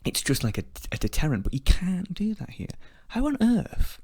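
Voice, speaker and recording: A man hosting a podcast, talking in an animated, profane way full of restarts. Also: high-pitched, moderate pace, slightly rough, no echo, clean studio sound. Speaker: podcast host. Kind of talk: casual opinionated chat.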